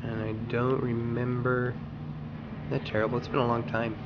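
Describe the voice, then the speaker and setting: A man's voice: mid-range voice, flat delivery, moderate pace, lo-fi sound, background noise. A man hosting a gaming channel, chatting casually and rambling to himself while he plays. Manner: rambling, self-talking while playing. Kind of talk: casual gameplay commentary.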